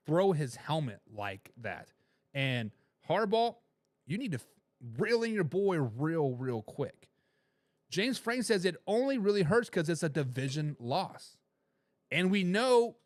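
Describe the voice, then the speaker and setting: A man hosting a sports talk show, his voice sitting high for a man as he rambles and swings between loud and quiet. He talks straight to his viewers. The sound is dry and close, with no room echo. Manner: addresses viewers directly. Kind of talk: casual sports talk with live chat.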